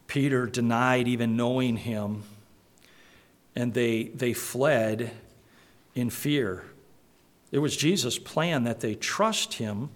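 A man preaching a conversational sermon, with frequent restarts and asides to the congregation. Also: mid-range voice. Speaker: pastor.

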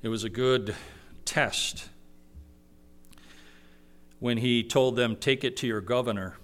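A man's voice: medium pitch, fairly even intonation, slow pace, fairly bright tone. A man preaching a sermon in a conversational way, teaching verse by verse, often repeating words and acting out the voices he quotes.

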